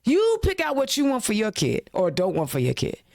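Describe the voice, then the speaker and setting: Speaking fairly quickly in a high, slightly mellow voice whose pitch swoops wildly, a podcast host from Indiana delivers an impassioned political rant full of slang and rhetorical questions. She sounds a bit choked up before moving on to sponsor reads and guest introductions, all in clean, echo-free studio audio.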